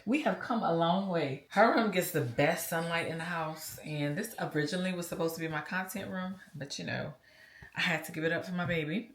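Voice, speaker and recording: Speaking fairly quickly at a fairly low pitch, a woman in her forties vlogs in a relaxed, chatty way. Her Louisiana accent comes through as she addresses viewers as "y'all" in a roomy-sounding space.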